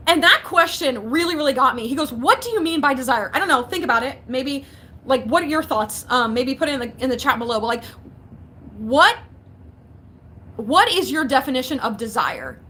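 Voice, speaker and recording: A young woman chats casually on a livestream, giggling often and breaking off to read out viewers' comments. Her voice sits high and sounds bright and crisp. A faint hum runs underneath. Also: lively intonation, moderate pace. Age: young adult. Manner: chatty, giggly, reads out comments. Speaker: vlogger. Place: basement.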